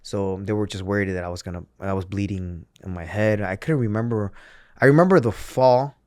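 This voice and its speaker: A man's voice: fairly low pitch, a little fast, a little mellow, dry recording, clean studio sound. A man, a former pro wrestler, speaking as an interview guest and retelling his story in an earnest, candid way, often restarting his sentences.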